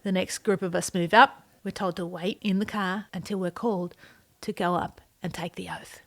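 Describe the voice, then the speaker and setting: A woman's voice: on the low side, fairly even intonation, moderate pace, fairly bright tone. A woman in her thirties chatting through a personal vlog, playful, with dry asides and the odd whispered joke. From non-US, immigrant to the USA. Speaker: vlogger. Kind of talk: casual personal vlog narration.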